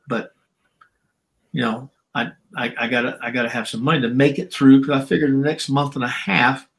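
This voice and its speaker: An older man tells a long story as a podcast guest. He talks casually, and his pitch jumps high whenever he acts out what others said. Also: rough recording. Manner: animated storyteller, acts out quotes with shifting pitch. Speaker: former pro wrestler, guest. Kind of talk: storytelling interview. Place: podcast recording.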